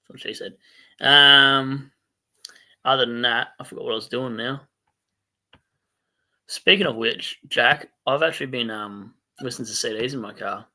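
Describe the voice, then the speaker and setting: An Australian man with a very bright, tense voice, hosting a loose late-night livestream. He reads out viewer comments and rambles cheerfully, quick to laugh at his own slips. His pitch sits in an everyday middle range. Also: fairly even intonation. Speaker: fantasy football stream host.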